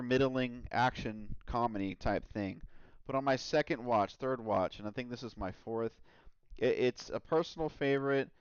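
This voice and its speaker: A man's voice: mid-range voice, smooth, dry recording, muffled recording. Rambling enthusiastic man reviewing films. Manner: rambling, enthusiastic, many fillers. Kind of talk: casual film review chat.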